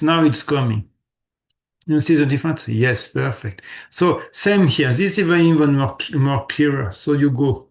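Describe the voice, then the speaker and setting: Gravelly-voiced male meditation teacher. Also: mid-range voice. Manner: patient, repeats words, checks students often. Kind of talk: live online class instruction.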